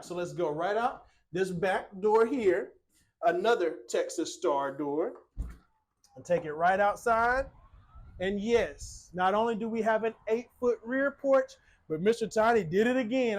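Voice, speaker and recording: A man hosting a walkthrough tour of a small home, delivering an upbeat sales pitch to his viewers. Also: rough recording. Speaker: tiny home salesman and channel host. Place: inside a small cabin-style home and on its screened porch.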